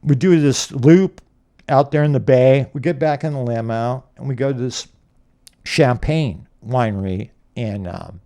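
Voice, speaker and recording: A man's voice: medium pitch, unhurried, gravelly, mellow. A man from California hosting a casual interview, telling rambling anecdotes and acting out quotes with little laughs. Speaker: podcast interviewer.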